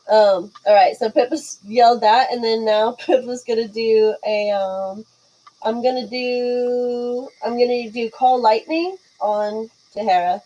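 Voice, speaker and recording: A woman's voice: a little high, unhurried, warm tone, poor audio. A woman playing a tabletop game, talking casually with fillers as she describes her character's moves. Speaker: player.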